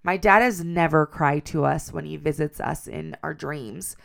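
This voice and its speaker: A woman's voice: low-pitched, measured pace, vocal fry. A woman telling a personal story in an earnest, confiding way.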